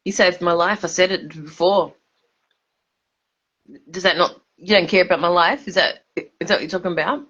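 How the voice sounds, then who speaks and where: A woman's voice: fairly low pitch, steady tone, moderate pace, pauses often, a bit bright, highs cut off. A drunk woman, rambling and swearing emphatically on a livestream, stumbling over her words.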